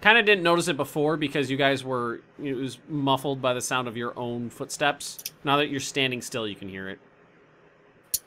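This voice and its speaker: A man's voice: medium pitch, normal speed, few pauses, sharp tone. A man narrating a tabletop game as dungeon master, rambling and searching for words as he describes scenes.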